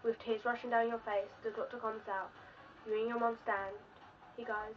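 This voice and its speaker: A woman's voice: a little high, flat delivery, normal speed, distant mic, highs cut off. A woman vlogger telling an emotional story in the second person, earnest and pleading.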